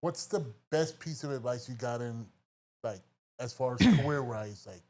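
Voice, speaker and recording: A man hosting a podcast, laid-back and quick to joke and laugh. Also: mid-range voice, lively intonation, darkish tone. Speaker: podcast host. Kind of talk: casual chat.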